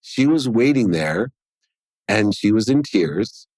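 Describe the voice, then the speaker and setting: A man's voice: on the low side, lively intonation, slow, a little mellow, no echo. A man as a podcast guest, telling a personal story in an earnest way and acting out the dialogue within it. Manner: earnest, acts out quoted dialogue in his story.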